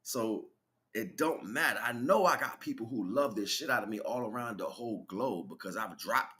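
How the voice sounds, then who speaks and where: This livestream host speaks in a mid-range voice with a sharp tone, animated but at a moderate pace. He rambles loosely through a casual spiritual monologue, full of slang, laughing while recounting stories.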